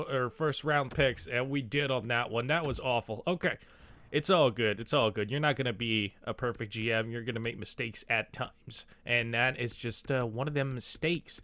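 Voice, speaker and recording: A young man giving casual, excitable commentary on his own video game play, talking to himself and swearing now and then. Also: mid-range voice. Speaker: gaming YouTuber.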